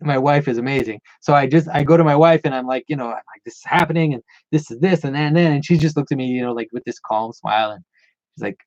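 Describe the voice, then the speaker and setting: A man's voice: medium pitch, fast, a little mellow, no echo, muffled recording. A man hosting a casual livestream Q&A, rambling with frequent restarts and repeated words. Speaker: channel host answering viewer questions.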